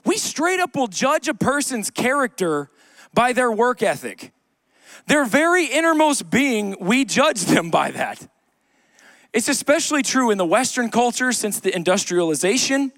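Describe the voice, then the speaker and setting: A man's voice: extremely high pitch, very animated, unhurried, fairly bright tone, no echo, clean studio sound. A man preaching a sermon to a congregation in church, conversational, with joking asides and repeated key lines. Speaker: pastor. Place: church sanctuary.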